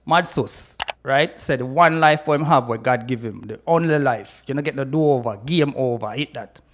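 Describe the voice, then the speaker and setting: A man's voice: medium pitch, moderate pace, fairly bright tone, a little hiss or hum. A man with a Jamaican accent giving opinionated commentary, questioning hard and stressing his points. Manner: questioning, emphatic, repeats "you know".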